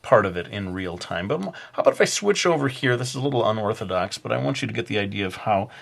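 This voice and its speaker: A man's voice: fairly low pitch, expressive, quick pace, vocal fry. A man teaching a drawing lesson in a casual, hesitant way, with many fillers and joking asides. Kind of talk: casual drawing tutorial narration.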